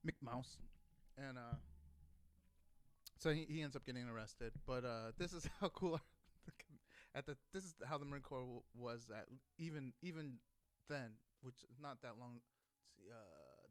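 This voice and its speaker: A man's voice: medium pitch, smooth, dry recording. Swearing man telling a service story. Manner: swears constantly, acts out shouted quotes. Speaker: storyteller, former Marine. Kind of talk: casual profane storytelling.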